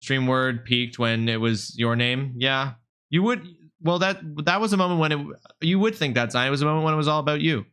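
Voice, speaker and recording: A man live-streaming, chatting with his viewers in a lively, mock-indignant way and swearing freely. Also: mid-range voice, a little fast, clean tone. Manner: animated, mock-indignant, swears freely, talks straight to chat.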